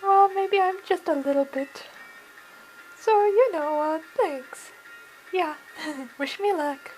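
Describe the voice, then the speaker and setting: A woman's voice: extremely high pitch, takes it slowly, darkish tone, soft background music, rough recording. A woman voicing a chatty, teasing young school nurse, read aloud from a game. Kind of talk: reading game dialogue aloud.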